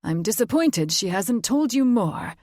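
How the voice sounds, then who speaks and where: A woman's voice: mid-range voice, expressive, unhurried, a little mellow, dry recording, clean studio sound. A woman voicing a pompous, mocking male fae nobleman, a father, speaking with haughty condescension in an audiobook. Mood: pleading.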